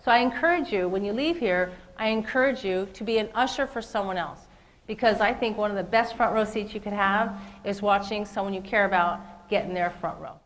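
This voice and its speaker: A woman's voice: medium pitch, brisk, poor audio. A woman giving a motivational keynote speech, speaking earnestly and directly to her listeners. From lives in Las Vegas.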